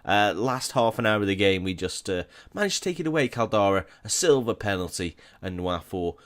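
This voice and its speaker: A man's voice: lowish voice, sing-song, brisk. A man talking through a football management game in a casual, chatty way, with wry asides and frequent self-corrections. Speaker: gaming YouTuber.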